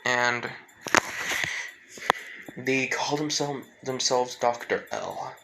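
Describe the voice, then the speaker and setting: A man voicing a calm young male hero in a read-aloud fan story, plain and halting with restarts. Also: medium pitch, very noisy. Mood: somber.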